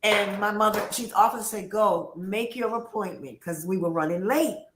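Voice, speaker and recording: A woman tells a family story in an emphatic, animated way and acts out the other people's voices as she goes. Her pitch sits in the middle. The recording has a roomy echo. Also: normal speed, background noise. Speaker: guest on a livestream.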